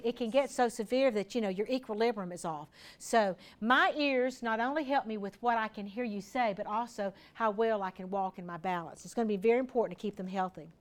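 A woman giving an informal health talk to a small group in a room, chatty and practical, speaking straight to her listeners. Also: on the high side.

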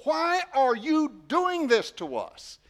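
A man's voice: very high voice, huge pitch swings, slow pace, pitched above the performer's own voice, heavily acted. A man voicing an anxious mother who scolds her lost son, pleading and full of emotion. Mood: distressed.

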